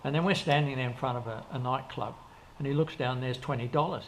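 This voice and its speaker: A man's voice: medium pitch, fast talker. An older man, telling long, rambling stories as an interview guest, full of restarts and quoted dialogue. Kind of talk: casual storytelling in an interview. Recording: faint background noise.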